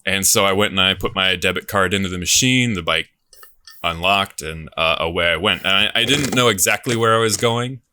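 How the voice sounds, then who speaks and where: A man's voice: low voice, fairly quick, pushed and bright, a little hiss or hum. A man, a podcast game show contestant, tells embarrassing personal stories in a self-deprecating way, chuckling as he goes. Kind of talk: casual storytelling.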